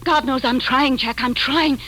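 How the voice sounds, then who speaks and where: An actress playing a frightened, fragile Victorian wife in 1940s radio acting style, with breathless, pleading and tremulous speech. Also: female voice, high voice, fairly even intonation, measured pace, sharp tone, exaggerated voice, poor audio.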